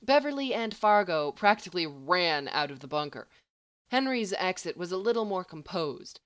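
Woman reading a story aloud, slightly low. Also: very animated, moderate pace, fairly bright tone, dry recording. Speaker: narrator. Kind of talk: audiobook-style story reading.

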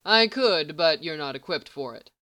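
A woman's voice: low-pitched, animated, moderate pace, pushed and bright. Vrouw die een scherpe, ongeduldige geniale man speelt. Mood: dry. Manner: snappish, commanding. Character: sharp-tongued impatient genius man.

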